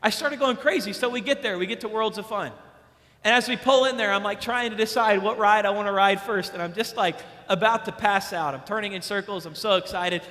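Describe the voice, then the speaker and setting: Emphatic young preacher in a big hall. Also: male voice, high voice, brisk. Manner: emphatic, repeats key lines; acts out stories with bursts of loud excitement. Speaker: youth preacher. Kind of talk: sermon. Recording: long hall reverb.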